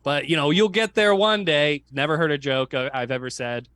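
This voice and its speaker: A man's voice: fairly high pitch, moderate pace, fairly bright tone, no room sound, studio quality. A young adult man, a guest comedian, telling a wry, exasperated anecdote in a casual podcast chat.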